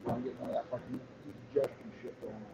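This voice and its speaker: Middle-aged man, swearing streamer telling loose stories, mid-pitched, noisy recording. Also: little pitch movement, fast, gravelly, echoey room. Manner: profane, rambling storytelling. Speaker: livestream host. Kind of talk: casual chat. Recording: noisy background.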